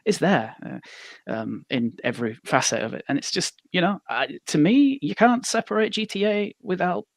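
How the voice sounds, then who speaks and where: A man's voice: high-pitched, animated, moderate pace, gravelly, no room sound, studio quality. A man co-hosting a casual gaming talk show, agreeable and chuckling, with many hesitant fillers. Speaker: podcast co-host.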